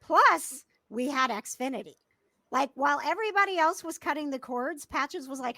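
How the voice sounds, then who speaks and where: A woman's voice: high voice, lively intonation, normal speed, sharp tone, no echo. A woman hosting a podcast, telling a story in casual chat with lots of laughter. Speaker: podcast host.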